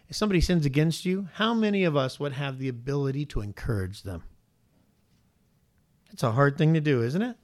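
A man preaching a sermon to a congregation, animated and questioning, his pitch rising sharply on points of emphasis. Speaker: pastor.

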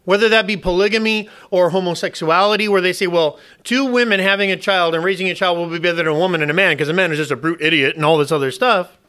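A man delivers a sermon in a high, bright voice. He speaks emphatically, throws questions out to the congregation, and often restarts or repeats words mid-sentence. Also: fast talker, hardly any pauses, clear, resonant tone. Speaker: preacher.

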